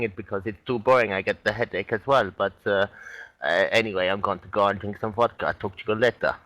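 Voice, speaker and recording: A man doing a laconic, deadpan Finnish racing driver who speaks in clipped, broken English. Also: on the low side, pitched below the performer's own voice, rough recording. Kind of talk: impression during sim racing commentary.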